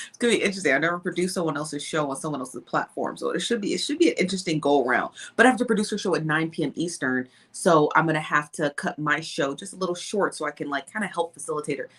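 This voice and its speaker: A woman's voice: low-pitched, fairly bright tone. A woman hosting a casual livestream, chatty and greeting viewers one by one with easy laughs. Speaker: livestream host.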